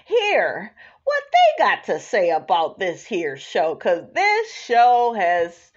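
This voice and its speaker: A woman podcast host in a sassy, animated casual commentary, reading viewer comments and calling her listeners honey. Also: mid-range voice, slow pace, highs cut off.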